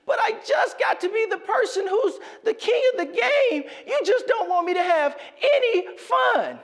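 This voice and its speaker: A man voicing his young son as a whiny, stubborn little boy who protests loudly in a high shouting wail. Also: big pitch swings, moderate pace. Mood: whining protest.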